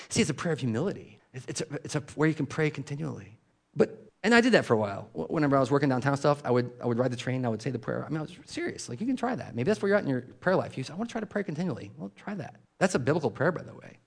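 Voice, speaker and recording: A man preaching a sermon in a loose, conversational way, like he is chatting with his congregation. His voice sits in a middle pitch, and he scatters fillers and quick asides through the talk. When he recites prayers, he sinks to a soft, hushed voice. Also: big pitch swings, gravelly, slightly rough. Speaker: pastor.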